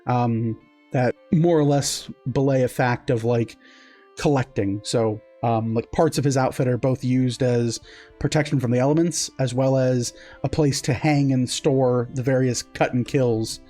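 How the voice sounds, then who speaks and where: Mellow-voiced man running a tabletop game. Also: mid-range voice, fairly even intonation, unhurried, faint music behind. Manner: descriptive, filler-heavy, self-correcting. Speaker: game master.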